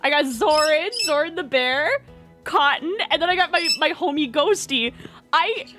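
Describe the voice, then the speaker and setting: A young woman streaming, chatting excitedly and cooing to her pet bird. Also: high-pitched, normal speed, music in the background. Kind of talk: casual chat on stream.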